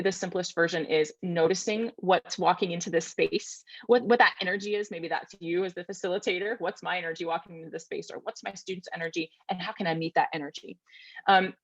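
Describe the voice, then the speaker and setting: Young woman, low-pitched, workshop presenter, thoughtful and gentle, dry video-call sound. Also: no echo, lo-fi sound. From Virginia, USA. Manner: thoughtful, gentle, frequent tag questions. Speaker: vocal wellness presenter. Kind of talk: conference webinar talk.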